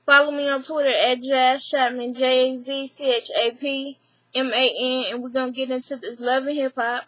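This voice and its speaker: High bright-voiced woman recapping TV. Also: normal speed, no room sound. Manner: animated, profane, retells scenes in quoted voices. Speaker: reality TV recap vlogger. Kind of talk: casual spoken recap. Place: small home room with a fan running.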